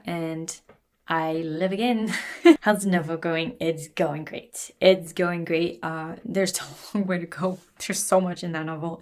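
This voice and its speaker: A woman in her twenties chatting casually while answering viewer questions, laughing often. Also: on the low side. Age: 20s. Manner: chatty, laughs often, switches languages, sings snippets. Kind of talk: casual Q&A chat.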